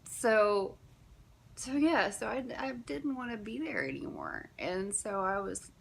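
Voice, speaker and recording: A woman's voice: medium pitch, big pitch swings, unhurried, gravelly, slightly rough. A woman, rambling through a casual story, self-deprecating and laughing often. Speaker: vlogger telling stories.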